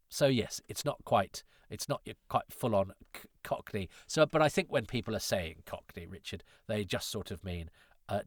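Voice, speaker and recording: A man's voice: lowish voice, dry recording, clean studio sound. A man hosting a podcast, reading listener letters in a chatty, wry way that often breaks off and restarts. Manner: chatty, self-interrupting, wry. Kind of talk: casual chat.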